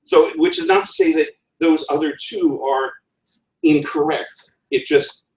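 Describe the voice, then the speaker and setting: A man's voice: fairly high pitch, sing-song, unhurried, creaky. A man giving a conference talk on writing, with wry asides and a chuckle in his voice. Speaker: conference speaker. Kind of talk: presentation on writing. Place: conference room. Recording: roomy, from far off the mic.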